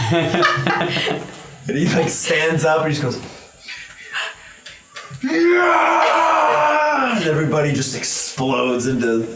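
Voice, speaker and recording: A young man narrating as game master of a tabletop game, animated and laughing often, with many fillers. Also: fairly high pitch, slow, pauses often. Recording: roomy room, far from mic, faint music.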